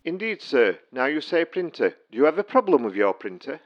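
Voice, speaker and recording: A man's voice: a little high, sing-song, a little fast. A help desk man, unfailingly polite yet dry and patronizing. His voice rises and falls a lot, and it sounds muffled, as if heard down a phone line. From Stocksbridge, England. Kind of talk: comic sketch acting.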